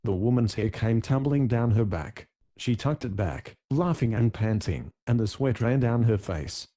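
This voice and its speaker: A man narrates an audiobook in a steady, measured way. His voice is mellow and dark, sitting at a middling pitch. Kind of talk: scripted narration.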